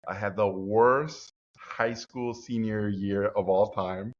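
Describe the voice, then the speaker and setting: A man's voice: lowish voice, steady tone, slow, highs cut off. A man from Mexico, a guest animator, telling stories in a casual interview and acting out quotes in different voices.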